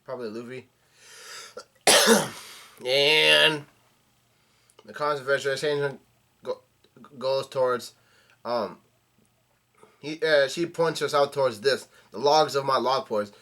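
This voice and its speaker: Man reading a comic aloud, halting. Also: medium pitch, pushed and bright. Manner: halting, stumbling reading full of restarts. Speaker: manga reaction channel host. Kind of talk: casual read-along recap.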